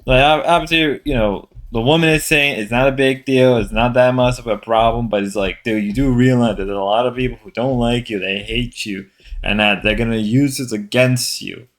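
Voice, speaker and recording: A man's voice: mid-range voice, normal speed. A man streamer giving casual commentary on clips, rambling and incredulous, repeating himself.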